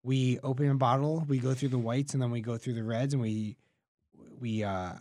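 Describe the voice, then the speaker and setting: Dry-humored New co-host, dry studio sound. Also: male voice, mid-range voice, fairly even intonation, moderate pace, a little mellow, no room sound. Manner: rambling, self-correcting, dry humor. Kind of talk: casual radio chat. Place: small podcast studio. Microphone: studio mic.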